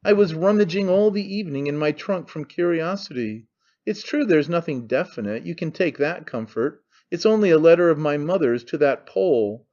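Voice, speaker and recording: A man's voice: a little high, lively intonation, normal speed, darkish tone, muffled recording. A man voicing a brash young man who mocks his father in an offhand, needling way. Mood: sneering. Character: young man, mocking, cynical, brash son.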